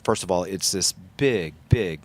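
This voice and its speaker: A man with a low, deep voice hosts a casual podcast chat. He stops and restarts often while he works out what he wants to ask. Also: slight background noise. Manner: halting, searching for words. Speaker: podcast host.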